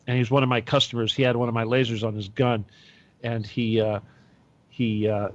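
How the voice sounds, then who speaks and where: A man's voice: mid-range voice, little pitch movement, moderate pace. Rambling man telling stories, dull sound. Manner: rambling storyteller with laughs and restarts. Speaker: podcast host. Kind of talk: casual chat.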